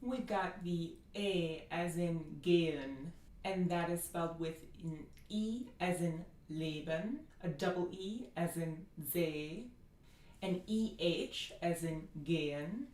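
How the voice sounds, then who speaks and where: A woman's voice: fairly low pitch, slow, darkish tone, roomy sound. An American woman giving a phonetics lecture, listing sound features and demonstrating each one. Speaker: linguistics teacher.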